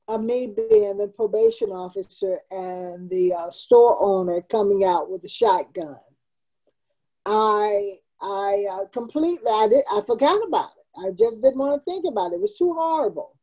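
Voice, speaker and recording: A woman's voice: mid-range voice, lively intonation, unhurried, mellow, rough recording. A woman in her seventies, a community founder, telling her life story in an interview with earnest, emotional emphasis. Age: 70s.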